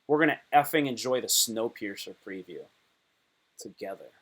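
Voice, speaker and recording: A man hosting a casual live stream, excitable and rambling, often breaking off mid-thought. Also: mid-range voice, normal speed.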